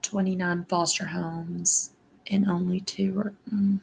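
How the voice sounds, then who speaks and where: Middle-aged woman, livestream host, unhurried delivery with a flat melody, affectionate toward her viewers. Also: lowish voice, creaky, lo-fi sound, a little hiss or hum. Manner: affectionate, answers chat comments by name. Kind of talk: casual livestream chat with viewers.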